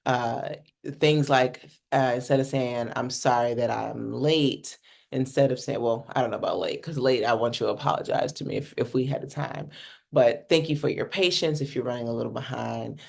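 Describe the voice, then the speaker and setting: Gravelly, mid-pitched workshop coach from North America, casual and blunt. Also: steady tone, normal speed. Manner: casual and blunt, swears freely, asks "right?" often. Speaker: communication coach. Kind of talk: workshop teaching talk.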